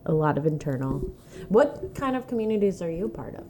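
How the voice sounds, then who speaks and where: A woman with a somewhat low voice hosts a relaxed podcast conversation. She talks in a chatty, loose way, full of "like" and acted-out quotes. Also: a little fast, slight background noise. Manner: chatty, lots of "like", acts out quoted exchanges. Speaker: podcast host, comedy club manager. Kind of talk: casual podcast chat.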